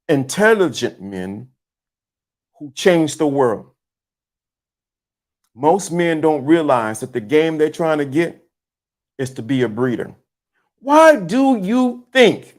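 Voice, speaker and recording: Preachy man on a livestream, high voice. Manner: preachy, repeats himself, spells words out. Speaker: livestream host. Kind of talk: motivational livestream talk.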